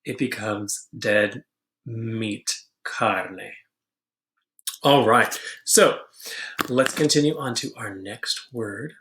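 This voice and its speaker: Slow, patient male Spanish teacher. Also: on the low side, a bit bright. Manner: patient, slow and clear, repeats words for students. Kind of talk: classroom-style vocabulary lesson.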